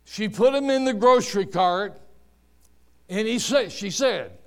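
A man's voice: high-pitched, smooth. A man preaching a sermon, telling stories and drawing out his words for emphasis. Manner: preaching with slow, drawn-out emphasis and storytelling. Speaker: pastor.

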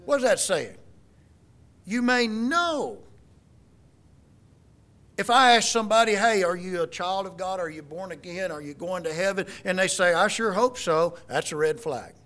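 High, bright-voiced preacher man. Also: moderate pace, long pauses. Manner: emphatic, folksy preaching with scripture quotes. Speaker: pastor. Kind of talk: sermon.

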